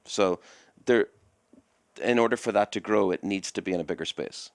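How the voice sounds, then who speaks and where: Male club owner as podcast guest: low voice, rambling storyteller who acts out the dialogue, dry close mic. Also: moderate pace, no room sound. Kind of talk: conversational storytelling.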